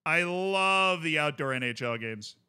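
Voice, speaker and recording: A man's voice: on the high side, lively intonation, a little slow, sharp tone, smooth. A male streamer chatting casually while reacting to clips, enthusiastic and rambling, full of fillers.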